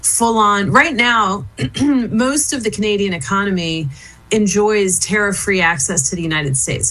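A middle-aged woman talking as an interview guest. She speaks in a thoughtful, conversational way, often pausing on fillers and restarting her sentences. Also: medium pitch, fairly bright tone, poor audio. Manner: thoughtful, frequent fillers and restarts, light laughter. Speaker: interview guest, former business council head and diplomat.

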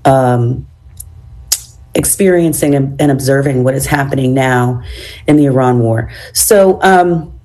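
A low-pitched woman hosts a radio talk show, her voice hoarse with a froggy, raspy edge from a cold. Her tone is dark and mellow, and she speaks in a measured way, filling pauses with ums and uhs.

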